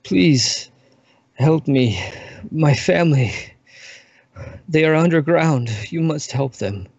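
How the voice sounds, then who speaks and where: A man's voice: on the high side, lively intonation, slow, creaky, a little mellow, slightly rough, no echo, voice pushed up, exaggerated voice. A man voicing a badly burnt male elf who pleads for help with his last breaths, in a tabletop game. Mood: pleading. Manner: desperate, pleading. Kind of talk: tabletop role-play voicing. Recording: muffled lo-fi recording.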